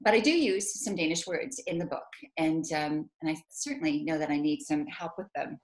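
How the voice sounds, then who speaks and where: A woman's voice: sits low, normal speed. Canadian woman, author-interviewer, upbeat and chatty on a video call. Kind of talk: casual video call chat.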